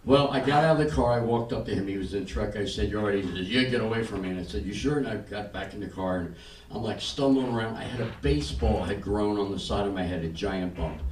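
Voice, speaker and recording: An older male comedian works a small club crowd in a stand-up set, his low-ish voice carried through a roomy space and picked up from some distance. He tells stories flatly and slips into quick acted-out lines for the characters, with audience laughter and a faint room hum underneath.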